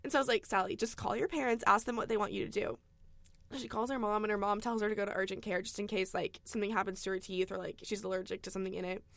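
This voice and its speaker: A woman's voice: mid-range voice, fairly even intonation, quick pace, vocal fry, no room sound. A young woman, telling a funny story as a podcast co-host and laughing often. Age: young adult. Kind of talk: casual storytelling chat.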